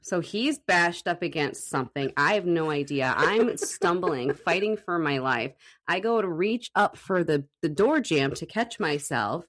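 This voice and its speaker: A woman co-hosting a podcast from her home recording room, telling a story in a casual, animated way, swearing and laughing as she goes. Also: fairly low pitch, unhurried. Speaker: podcast co-host.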